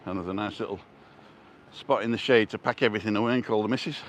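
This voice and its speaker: A man's voice: on the low side, steady tone, quick pace, slight background noise. Older guy chatting on a street walk, answering comments, faint street sounds. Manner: chatty, answers viewers' comments while walking. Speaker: live-stream vlogger. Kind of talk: casual live-stream walk and chat. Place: outdoors on a street.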